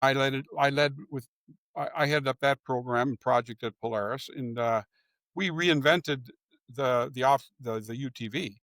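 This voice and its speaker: A man's voice: mid-range voice, normal speed, fairly bright tone, no echo. An older man, a former executive, telling stories in a conversational interview, often restarting his sentences. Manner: storytelling with frequent restarts.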